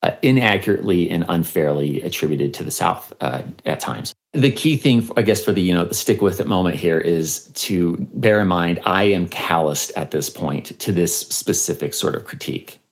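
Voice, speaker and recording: A man's voice: deep voice, lively intonation, moderate pace, few pauses. A man, a historian and podcaster, telling a story in an interview, with many fillers and restarts.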